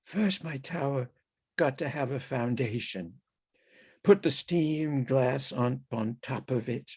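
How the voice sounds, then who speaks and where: A man reading his own fiction aloud over a video call as a halting, musing first-person character monologue. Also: mid-range voice, a little mellow, husky. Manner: halting, musing, talks to animals and people in the scene.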